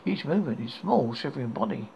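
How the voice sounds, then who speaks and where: Gravelly male horror storyteller. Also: medium pitch, sing-song, fast. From United Kingdom. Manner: stumbling, self-correcting reading. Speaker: horror podcast host. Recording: dull lo-fi recording with faint hiss.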